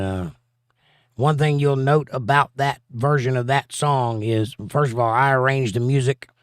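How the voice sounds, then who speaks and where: A man's voice: mid-range voice, no echo, studio quality. A man hosting a casual livestream, reading out viewer comments and answering them in an offhand way. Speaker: show host.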